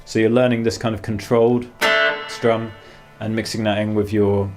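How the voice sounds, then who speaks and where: A man giving a guitar masterclass, calmly explaining practice exercises and counting beats aloud between demonstrations. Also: on the low side, moderate pace. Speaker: guitar teacher. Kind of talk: masterclass instruction. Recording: faint guitar music behind. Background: guitar playing.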